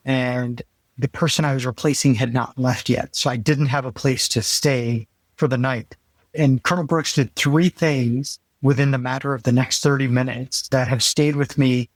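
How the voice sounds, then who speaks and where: A man's voice: medium pitch, no room sound. Middle-aged male co-host, mid-range voice, earnest storyteller, close dry mic. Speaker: podcast co-host, former flight surgeon. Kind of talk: casual chat.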